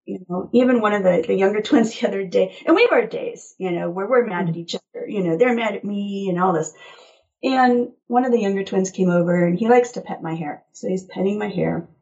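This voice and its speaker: Lively storytelling woman, muffled audio. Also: medium pitch, brisk, vocal fry. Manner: animated storyteller, laughs often. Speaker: guest author. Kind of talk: casual interview chat.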